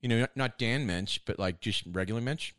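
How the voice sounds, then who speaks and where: A loose, rambling movie star drifting from thought to thought in a surfer drawl, as a man puts him on. The voice sits fairly low and is recorded dry and close. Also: brisk, a bit bright, no echo. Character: rambling laid-back male movie star.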